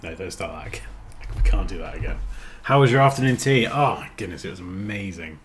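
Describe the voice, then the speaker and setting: A man's voice: low voice, expressive, a little fast, slight background noise. A man chatting casually on a design livestream, rambling and muttering as he works. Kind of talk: casual livestream chat while editing.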